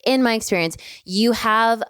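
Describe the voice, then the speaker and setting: A woman's voice: fairly high pitch, normal speed, fairly bright tone, clean tone, dry recording. Chatty woman podcast host, dry sound. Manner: earnest, chatty, laughs easily. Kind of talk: casual chat.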